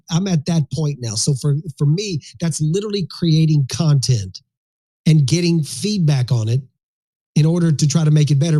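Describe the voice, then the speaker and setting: A man's voice: fairly high pitch, mellow. A man with a Southern US accent co-hosting a live audio chat, joking and rambling bluntly. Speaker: co-host of a live audio room. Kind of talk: casual chat.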